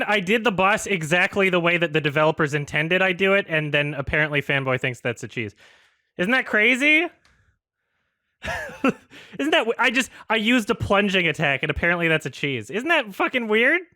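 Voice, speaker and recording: While streaming a video game, a man rants in an exasperated, sweary way, laughing as he goes. His voice is high, bright and forceful, recorded with studio quality and no echo.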